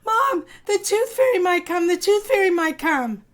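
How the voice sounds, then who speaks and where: A squealing young girl elephant from a storybook, excitable and a little anxious, as a teacher puts her on. The voice jumps very high and loud, breathless with excitement. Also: slow pace, exaggerated voice. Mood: excited.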